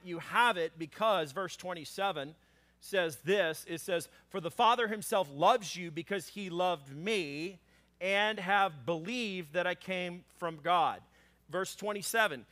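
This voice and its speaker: A man preaching a sermon in a lively, conversational way, his voice sitting a little high. He often pauses on an "um" or an "uh" and voices scripture characters with extra energy. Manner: animated, conversational preaching with frequent "um" and "uh"; acts out scripture characters in a raised voice. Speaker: pastor.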